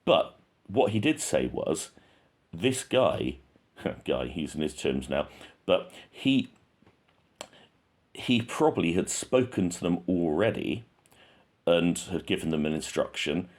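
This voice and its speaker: A man's voice: sits low, lively intonation, slow pace, pauses often, darkish tone. A man hosting a true crime channel, talking casually and thinking aloud with frequent restarts.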